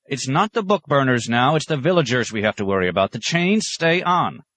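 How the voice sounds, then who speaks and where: A man's voice: sing-song, fairly quick, a bit bright, no echo. A man voicing an aged, querulous male monk librarian who snaps and rants indignantly. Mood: furious. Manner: indignant, snapping, shrill outbursts.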